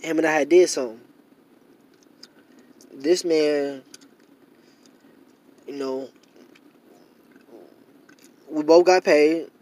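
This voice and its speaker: A man's voice: fairly high pitch, fairly even intonation, extremely slow, pauses often, darkish tone. A young man in a casual monologue to camera, rambling and repeating himself with many fillers, growing heated and emphatic. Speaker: vlogger.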